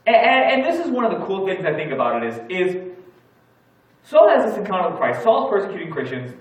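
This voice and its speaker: Man, pastor, sermon, animated storytelling, echoey hall, distant mic, slightly raised voice. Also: sits high, brisk. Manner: storytelling, animated, acts out his own panic. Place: church sanctuary.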